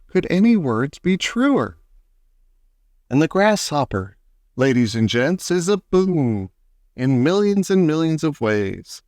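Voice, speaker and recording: A man's voice: on the high side, sing-song, takes it slowly, dry recording, clean studio sound, heavily acted. A man reading aloud voices a friendly young boy who recites playful verses. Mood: reciting. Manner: bright, welcoming, sing-song verse.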